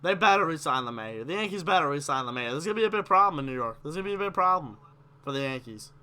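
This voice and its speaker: Young man, stream host, casual sports chat, bright forceful voice, slightly high. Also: rapid-fire, clear, resonant tone. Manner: animated, gets worked up, reads chat questions aloud.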